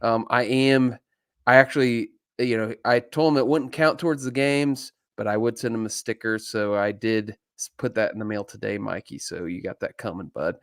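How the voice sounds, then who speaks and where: A man's voice: fairly low pitch, normal speed, no echo, studio quality. A man co-hosting a live fishing podcast, chatting casually, often joking and laughing, with many ums. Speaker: podcast co-host.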